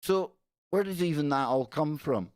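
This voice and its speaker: A man's voice: fairly high pitch, moderate pace, no echo, clean studio sound. A man from the United Kingdom hosting a live-stream show in a casual, jokey way, reading out viewer comments as he goes. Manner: animated, chatty, jokey, reads out viewer comments. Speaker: podcast host.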